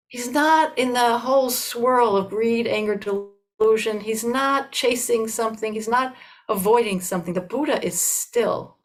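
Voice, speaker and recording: An older woman giving a Buddhist dharma talk, telling a story in an unhurried, conversational way with many "you know"s and restarts. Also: mid-range voice, low-quality recording.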